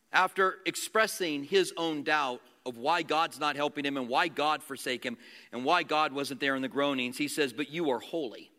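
A man preaching a sermon as a pastor, animated, acting out quotes and asking the congregation questions. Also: a little high, long reverb tail.

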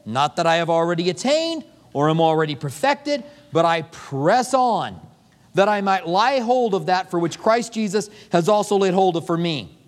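A man's voice: high-pitched, normal speed. A man preaching a sermon as pastor, acting out little dialogues as he goes. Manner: animated preaching with acted-out dialogue. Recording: long hall reverb.

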